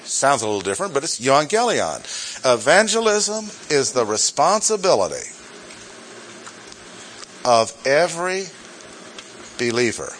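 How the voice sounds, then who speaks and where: A man's voice: medium pitch, big pitch swings, a little slow, pauses often, a bit bright, a little hiss or hum. Emphatic preacher, man, repeating key points. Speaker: pastor. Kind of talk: sermon.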